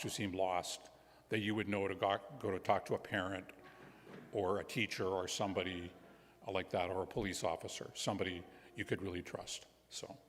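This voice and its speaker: A male guest minister telling a children's story during a church service, gentle and playful, with pauses. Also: sits low, a little hiss or hum. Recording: long reverb of a large hall.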